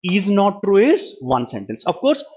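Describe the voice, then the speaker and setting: A man's voice: high voice, huge pitch swings, measured pace, a little mellow, slightly rough, highs cut off. A man teaching a live online grammar class, who keeps asking questions, answering them himself and adding "right, ma?". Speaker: English teacher.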